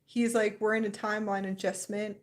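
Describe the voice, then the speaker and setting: Young woman, livestream host, rambling casual chat, bursts of laughter, mid-pitched voice. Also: fairly quick. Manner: rambling, excited, laughs often.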